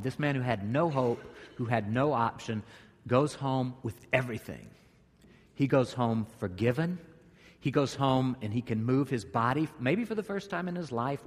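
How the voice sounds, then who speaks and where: A pastor preaching a sermon, telling the story vividly, jumping to loud bursts and dropping to quiet asides. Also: male voice, mid-range voice. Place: church sanctuary during a service. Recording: long reverb of a large hall.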